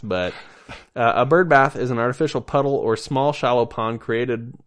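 A man's voice: fairly low pitch, fairly bright tone. A man hosting a podcast, chatting casually with a dry, teasing manner and casual swearing. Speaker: podcast host. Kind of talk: casual chat.

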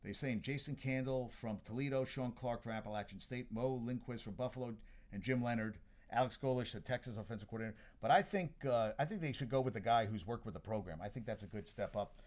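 A man's voice: medium pitch, fast, a little mellow. A man hosting casual sports talk, blunt and opinionated, swearing freely as he runs through the news.

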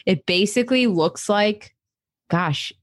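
A woman's voice: mid-range voice, takes it slowly, no echo, clean studio sound. A woman co-hosting a podcast in casual, chatty talk, giggling and wandering into asides. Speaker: podcast co-host.

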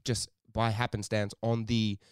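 A man co-hosting a podcast, telling a story in animated, casual chat, swearing often and laughing a lot. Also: lowish voice, a little slow, clear, resonant tone, no room sound, studio quality. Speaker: podcast co-host.

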